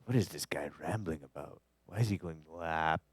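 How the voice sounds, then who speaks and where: A man from Canada teaches a live studio class on music production, with a very low voice. He rambles and cracks jokes while he edits, and the sound is dry and close. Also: expressive, fairly quick, a little mellow, slightly rough, no echo. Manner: rambling, jokey, talks to the audio as he edits.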